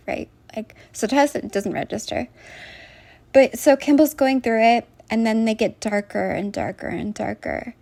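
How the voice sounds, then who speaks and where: Rambling woman with a gravelly voice. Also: fairly high pitch, normal speed, darkish tone, dry recording. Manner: meandering, heavy on fillers and restarts. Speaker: vlogger. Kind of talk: casual rambling monologue to viewers.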